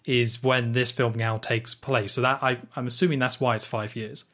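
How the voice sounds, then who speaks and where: A man co-hosting a podcast, chatting casually about a film and adding quick asides and jokes. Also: medium pitch, steady tone, a bit bright. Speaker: podcast co-host. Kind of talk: casual film discussion chat.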